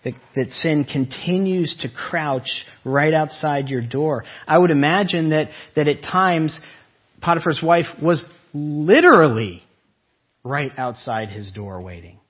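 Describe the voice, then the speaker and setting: A man's voice: on the high side, animated, measured pace, slightly rough. A man preaching a sermon in an earnest way, often asking rhetorical questions. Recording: dull lo-fi recording.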